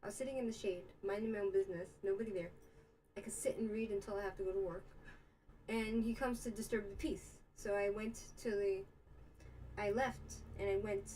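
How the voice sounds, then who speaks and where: A woman's voice: mid-range voice, fairly even intonation, normal speed, pauses often, warm tone, slight background noise, rough recording. A young American woman hosting a casual livestream, rambling through a story and answering chat comments. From United States. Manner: rambling, chatty, with many fillers and asides. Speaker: livestream host. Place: Israel.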